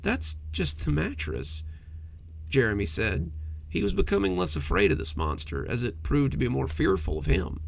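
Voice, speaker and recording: A man's voice: mid-range voice, fairly quick, slight background noise. A man narrating a cozy horror story in a scripted storytelling style. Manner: gravelly, animated storytelling.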